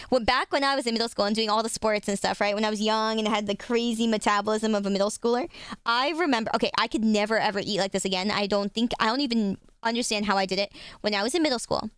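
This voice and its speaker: A woman's voice: a little high, smooth, dry recording, clean studio sound. Chatty, foul-mouthed young woman streamer. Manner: chatty, swears freely, quick asides. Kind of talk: casual chat with chat.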